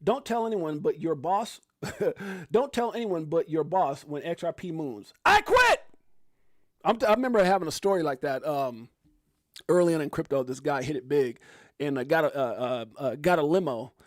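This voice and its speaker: Brief: high-voiced Chicago man, rapid-fire livestream host, dry close sound. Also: dry recording. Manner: fast, excitable, shouting out viewers. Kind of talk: hyped casual livestream chat.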